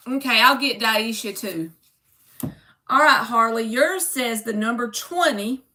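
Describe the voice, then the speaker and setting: Woman, tarot reader, live-stream reading, unhurried, bright voice, chatty. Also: a little high, reverberant. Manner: chatty, calls viewers "baby"; reads card meanings aloud from a book.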